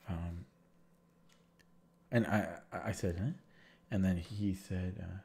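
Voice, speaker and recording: A man's voice: fairly low pitch, measured pace, pauses often. A man with a sore throat, casually recapping his chess games on a livestream, rambling and restarting sentences as he retells what happened. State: sore throat, feeling sick.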